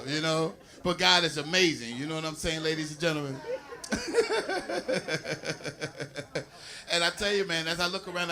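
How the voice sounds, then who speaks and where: A stand-up comedian works a live crowd, his voice high for a man and bright. He talks in an animated, chatty way and keeps checking in with the audience. His pitch swoops all over as he sets up each joke. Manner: animated, crowd-working, frequent "you know what I'm saying". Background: audience laughter.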